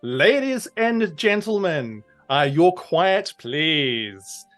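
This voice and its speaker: A man's voice: on the high side, big pitch swings, very slow, faint music behind, pitched above the performer's own voice, full character voice. A man voicing a showy male satyr who announces acts from a stage in a tabletop game. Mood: announcing. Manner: loud, theatrical announcing.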